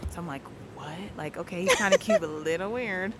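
A woman telling a casual story as a guest, animated and acting out her own thoughts and the quotes in it. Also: fairly low pitch, fairly quick, crowd noise. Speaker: guest telling how she met her partner.

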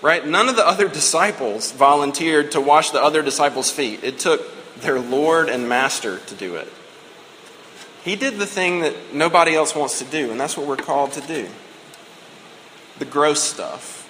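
A man's voice: fairly high pitch, animated, moderate pace, sharp tone, a little hiss or hum. A man in his thirties giving a conversational, emotional sermon as a pastor. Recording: reverberant hall with faint ambience.

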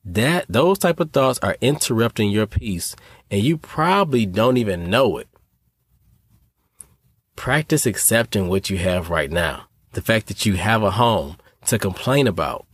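A man's voice: fairly low pitch, breathy edge, no room sound. A man hosting a motivational podcast, talking earnestly and directly to his listeners and calling them y'all. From North Carolina. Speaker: podcast host.

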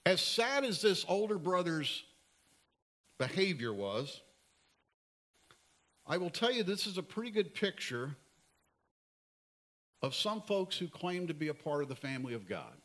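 A man preaching a sermon as pastor, earnest and pleading, at times dropping to soft emphasis. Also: high-pitched, very animated, measured pace, long pauses.

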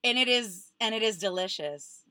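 A woman's voice: medium pitch, animated, moderate pace, pushed and bright, no room sound, clean studio sound. A woman co-hosting a casual podcast chat, arguing her points in a talkative way with frequent restarts. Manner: chatty, argues points with restarts. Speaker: podcast co-host.

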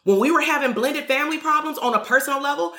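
A woman's voice: sits high, fast talker, bright, forceful tone. A woman business coach giving a motivational monologue in a blunt, emphatic way, swearing freely. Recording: roomy echo.

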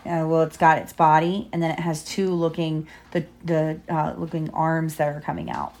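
A mother reading a picture book aloud to her child, pausing to explain pages and ask questions. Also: deep voice, flat delivery, darkish tone. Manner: stops to explain and quiz the child.

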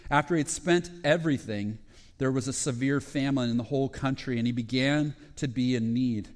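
This pastor preaches at a fairly quick clip, recounting parables in brief phrases broken by fillers and restarts. At the peaks of each story his excitement builds.

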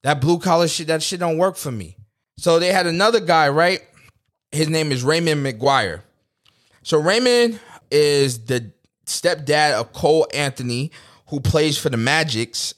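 A man's voice: a little high, expressive, measured pace, a bit bright. A man, hosting a podcast in a blunt, profane, rambling rant. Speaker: podcast host. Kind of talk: casual political rant.

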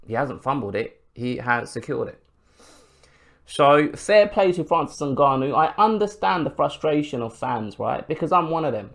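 Male podcast host, mid-pitched, fired-up solo take, lots of rhetorical questions and swearing. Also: a bit bright. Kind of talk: casual sports commentary monologue.

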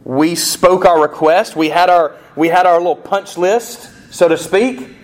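Male pastor, sermon delivery, animated, rhetorical questions, slightly high-pitched. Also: a little slow. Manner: animated preaching, rising emphasis and rhetorical questions.

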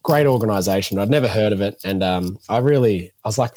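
Lowish man telling stories. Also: quick pace, few pauses, dry recording. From Australia. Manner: animated storyteller, acts out quotes. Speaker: podcast guest. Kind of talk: casual storytelling interview.

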